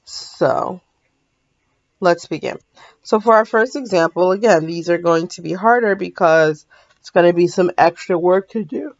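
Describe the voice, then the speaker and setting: A woman's voice: lowish voice, unhurried, dull audio. A woman math teacher talking through a recorded lesson in a sleepy, yawning, casual way, often stopping to apologize and correct herself.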